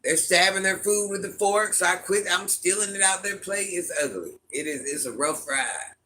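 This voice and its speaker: With a high, bright and forceful voice at a normal speed, a man with a mixed country accent reads chat on his live stream. He answers viewers' comments in a casual, playful way.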